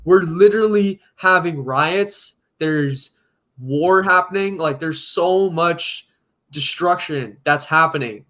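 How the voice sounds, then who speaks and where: Animated laughing man from south carolina. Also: fairly high pitch, takes it slowly. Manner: animated, laughing often, emphatic. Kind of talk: casual chat.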